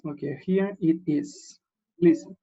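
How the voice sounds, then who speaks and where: A man teaching an English class online, explaining slowly and checking in with his students after nearly every sentence. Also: high-pitched, darkish tone, muffled recording. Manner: patient, repeats words and checks in with "yes?".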